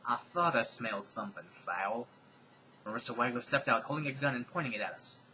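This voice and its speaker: Deadpan man reading fan fiction aloud. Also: mid-range voice, fairly quick, a little hiss or hum, low-quality recording. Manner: deadpan, sarcastic asides. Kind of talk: comedic dramatic reading.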